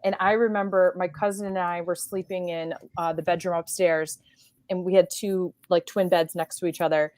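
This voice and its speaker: A woman from New York State co-hosting a podcast, telling lively stories in a casual chat and acting out the quotes. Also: lowish voice, normal speed, no room sound. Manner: animated storyteller, acts out quotes. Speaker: podcast co-host.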